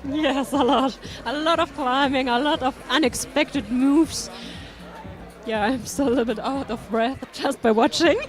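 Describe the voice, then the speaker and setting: Woman co-commentator, high voice, slow and excited, music and crowd going behind. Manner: enthusiastic, laughs often. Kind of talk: live sports commentary.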